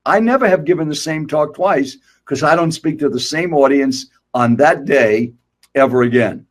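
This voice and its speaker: A man's voice: fairly high pitch, moderate pace. An older man teaching public speaking, emphatic and direct, asking rhetorical questions. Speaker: guest speaker. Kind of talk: motivational speaking coaching.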